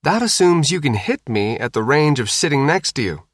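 A man's voice: a little high, big pitch swings, normal speed, no echo, clean studio sound, voice pushed up. A man voicing a brash, sarcastic teenage girl who snarls back. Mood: snarky.

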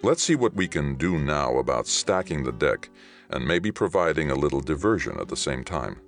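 A man voicing a calm male veteran soldier who speaks low and measured. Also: soft background music, heavily acted.

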